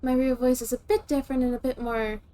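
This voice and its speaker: A woman from the southern United States chatting on her gaming stream in a soft, calm put-on voice. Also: high-pitched, quick pace. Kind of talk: casual gaming stream chat.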